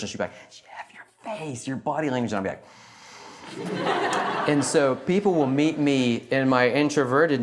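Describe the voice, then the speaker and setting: A middle-aged man speaking informally to an audience as a teacher, animated and self-deprecating, laughing at his own jokes. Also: fairly low pitch.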